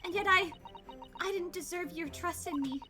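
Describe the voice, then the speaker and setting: A woman's voice: very high voice, normal speed, over music, pitched above the performer's own voice. A woman reading game dialogue aloud as an earnest young male lawyer, in theatrical, self-reproaching outbursts. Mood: anguished.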